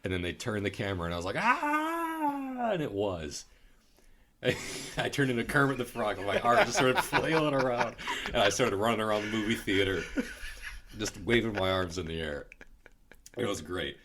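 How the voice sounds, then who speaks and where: A young adult man co-hosting a podcast, chatting casually and telling animated stories about a film, with laughs and swearing. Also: lowish voice, fairly quick, background noise. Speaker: podcast co-host. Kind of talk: casual movie review chat.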